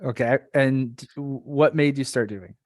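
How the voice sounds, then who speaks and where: A man's voice: mid-range voice, measured pace, no echo, clean studio sound. A man hosting a podcast, chatting in a rambling way and laughing easily. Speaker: podcast host. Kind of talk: casual podcast chat.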